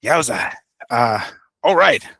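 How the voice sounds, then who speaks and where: A man co-hosting a boxing talk show, relaxed, reading the news aloud in casual chat. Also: medium pitch, takes it slowly, creaky, no echo, low-quality recording. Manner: relaxed, reads news aloud, laughs easily.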